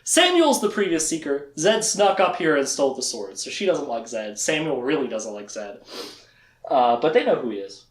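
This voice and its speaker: A chatty storyteller retells a fantasy plot in a loose, giggly way. The pitch swings widely as they talk, and the voice bounces around a roomy, echoey space. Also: very animated, moderate pace. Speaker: book series lecturer. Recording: roomy echo.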